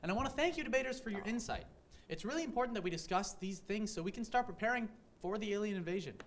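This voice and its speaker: A young man hosts a campus debate show, his voice sitting high and swinging widely as he calls out teams. He keeps the exchange moving with playful authority. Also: quick pace, a little hiss or hum. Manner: playful, lively moderating, trying to keep order. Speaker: debate moderator on a college TV show. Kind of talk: hosting a live student debate.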